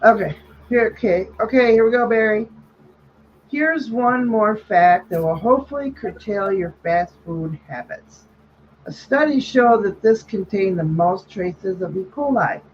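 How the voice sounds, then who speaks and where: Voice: mid-range voice, lively intonation, unhurried. A co-host in casual chat on a video call, reading out trivia questions in a blunt, teasing way. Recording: dull line with faint noise.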